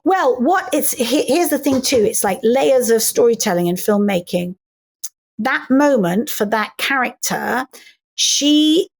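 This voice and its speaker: A middle-aged actress, a woman, chatting as an interview guest and telling animated stories full of acted-out lines. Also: fairly high pitch. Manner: animated storyteller who acts out voices in quotes. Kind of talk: casual interview chat.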